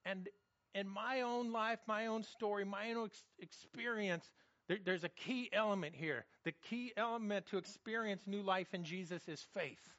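A man's voice: high-pitched, normal speed, fairly bright tone, no echo, dull audio. A man preaching a sermon, earnest and emphatic, often repeating words as he builds to questions. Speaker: pastor.

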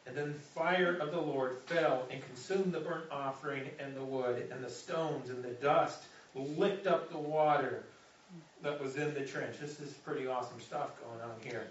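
A man's voice: medium pitch, fairly even intonation, normal speed, slight background noise. A man preaching a sermon, reading scripture aloud with jokey asides, restarting phrases and repeating words. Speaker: pastor. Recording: roomy, distant, dull-sounding sanctuary audio.

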